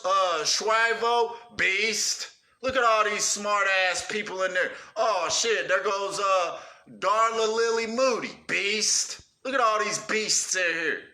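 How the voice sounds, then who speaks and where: A man's voice: high voice, bright, forceful tone, echoey room. A man ranting on a livestream with profane urgency, calling out cowards and praising his viewers. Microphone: livestream setup.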